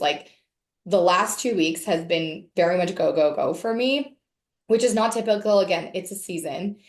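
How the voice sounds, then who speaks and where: A woman's voice: on the low side, roomy sound. A woman leading a casual wellness session on a video call, chatty and candid, cursing now and then.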